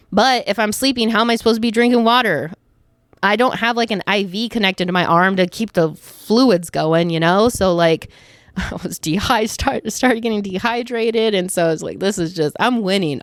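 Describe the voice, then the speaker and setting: Young woman vlogger, casual rambling storyteller, smooth low-ish voice, dry close recording. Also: dry recording. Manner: chatty storytelling with many fillers. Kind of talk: casual chat to camera.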